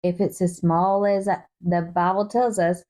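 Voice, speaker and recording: A woman's voice: on the low side, flat delivery, unhurried, dark tone. A woman co-hosting a casual Bible study chat, reading verses aloud and talking them over in a chatty way. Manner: chatty, reads verses aloud and acts out quotes. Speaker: co-host of a Bible study podcast.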